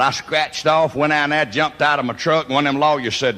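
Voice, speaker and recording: A man's voice: fairly high pitch, fairly even intonation, moderate pace, hardly any pauses, pushed and bright. A man with a Mississippi accent telling a Southern comedy story in a folksy drawl, whooping as he goes. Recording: long hall reverb.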